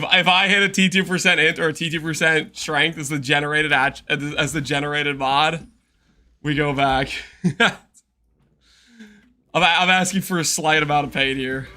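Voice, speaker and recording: A man's voice: on the high side, fairly even intonation, unhurried, long pauses, sharp tone. A man streaming a game in casual chat, rambling, repeating himself and laughing often.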